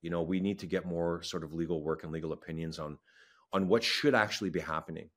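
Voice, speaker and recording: A man's voice: sits low, steady tone, fast talker, a bit bright. A man from Manitoba, a wildlife federation science advisor, speaking earnestly and with feeling in an interview, repeating himself for emphasis. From Manitoba, Canada. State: emotional. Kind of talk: passionate interview talk.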